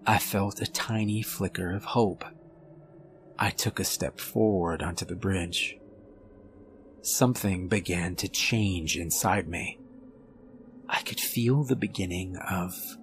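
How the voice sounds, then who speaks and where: Slow, low-voiced man narrating horror. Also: slight background noise. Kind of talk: scripted horror story narration.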